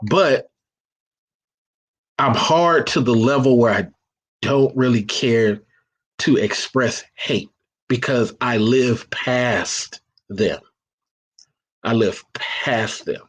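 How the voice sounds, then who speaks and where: Husky male call-in host, mid pitch, blunt and preachy, slangy delivery. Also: extremely slow, long pauses. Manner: blunt, preachy, reads out live chat comments; casual slang, frequent restarts. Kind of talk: live call-in dating talk.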